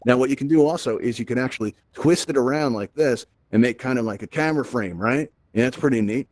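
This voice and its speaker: A man's voice: medium pitch, fast talker, darkish tone. A man hosting a live virtual reality event, teaching his audience in an upbeat, chatty way and often checking in with "right?". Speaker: host.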